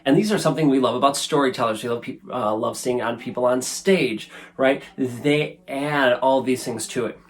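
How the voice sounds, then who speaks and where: A man's voice: medium pitch, normal speed, hardly any pauses. A man in his thirties hosting a casual self-help talk to camera, earnest and conversational, often tagging sentences with "right?". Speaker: show host. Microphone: camera facing speaker.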